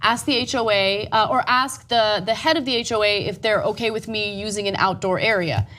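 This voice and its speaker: A woman co-hosting a talk show, telling a story in casual, animated chat and swearing freely. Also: medium pitch, fairly quick, a little hiss or hum. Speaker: show co-host.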